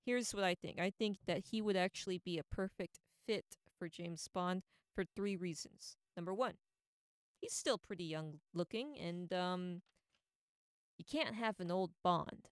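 Smooth, low-voiced chatty woman. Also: unhurried, no room sound, studio quality. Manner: chatty, opinionated and rambling. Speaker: pop culture commentator. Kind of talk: casual opinion monologue.

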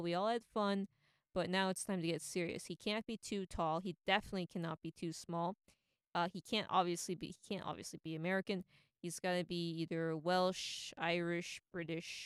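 A woman with a lowish, smooth and resonant voice rambles through her opinions on movie casting. She talks in a loose, offhand way, full of fillers and restarts, recorded close and dry. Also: no room sound. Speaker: entertainment commentator. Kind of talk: casual opinion commentary.

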